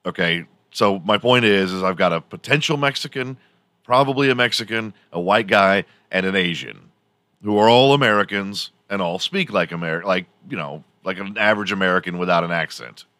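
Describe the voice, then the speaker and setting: Man, podcast host, casual profane storytelling, frequent laughter, low-pitched, bright, dry close sound. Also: moderate pace, no room sound. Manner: rambling, profane, laughs often while telling a story.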